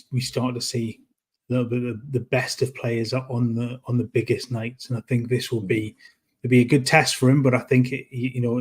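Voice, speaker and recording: A man's voice: medium pitch, darkish tone, husky. A man co-hosting a football podcast in casual chat, stopping and restarting his sentences often. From North East England. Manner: halting, many restarts and repeated words. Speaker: podcast co-host.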